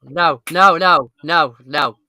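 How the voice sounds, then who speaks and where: A man's voice: a little high, slow, bright, forceful tone, no room sound, studio quality. A man co-hosting a live stream chat, teasing the others and laughing between remarks. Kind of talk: casual chat.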